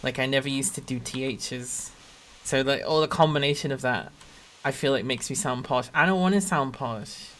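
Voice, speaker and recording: A game streamer with a Northern English accent from around Sheffield, chatting casually and rambling, often laughing mid-sentence and softening their own accent. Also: medium pitch, moderate pace, slight background noise. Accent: Northern English, Sheffield area. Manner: trims own accent toward neutral. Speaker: game streamer reading chat. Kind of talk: casual live-stream chat.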